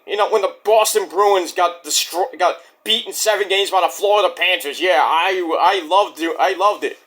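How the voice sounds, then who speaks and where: A man's voice: sits high, fairly bright tone. A man, ranting bluntly and profanely in a rambling casual monologue as a vlog host.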